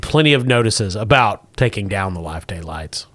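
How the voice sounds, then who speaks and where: A man narrating as game master, setting scenes wryly and deadpan. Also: lowish voice, moderate pace, no room sound.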